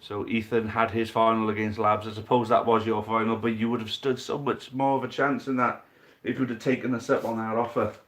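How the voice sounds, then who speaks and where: This stream host calls a football dice game as it happens, his voice on the low side and his delivery fairly quick. He chats to his audience as mates and gets more worked up when key moments hit.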